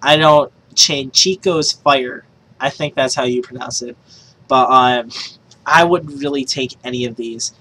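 A woman doing casual gaming commentary who swears a lot and breaks into excited shrieks and yells. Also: rumbling low, a little slow, slight background noise, low-quality recording. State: yelling in excitement. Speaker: gaming streamer.

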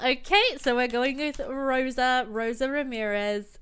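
A woman's voice: sits high, a little slow, a bit bright, clear, resonant tone. A young woman chatting casually as she comments on her own gameplay, exclaiming and laughing often. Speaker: gaming commentator.

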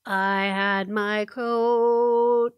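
A woman's voice: mid-range voice, level tone, drawn-out words, smooth, no room sound. A woman co-hosting a board game show, chatting casually and tossing in dry, teasing quips. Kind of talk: casual play-through banter.

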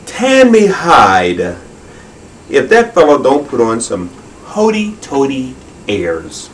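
A man's voice: mid-range voice, wildly swooping pitch, slow, slight background noise, voice pushed up. A man voicing a rude, scoffing male hare from a storybook, talking in blunt folksy slang and sneering insults, heard from a distance.

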